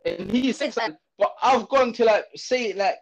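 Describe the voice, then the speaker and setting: A young man from Zimbabwe, telling a story in casual chat, slangy and animated, full of fillers and restarts. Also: very high voice, fairly quick. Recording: dull lo-fi audio.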